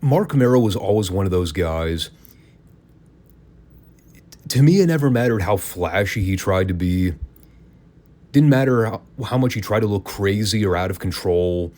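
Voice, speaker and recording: A man's voice: lowish voice, animated, normal speed, long pauses, a little mellow. A man hosting a podcast, giving a casual, opinionated and sarcastic wrestling review. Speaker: podcast host.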